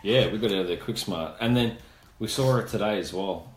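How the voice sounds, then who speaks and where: A man's voice: on the low side, brisk. A man co-hosting a casual podcast chat, laid-back and answering in short agreeing lines. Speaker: podcast co-host. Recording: roomy, faint background noise.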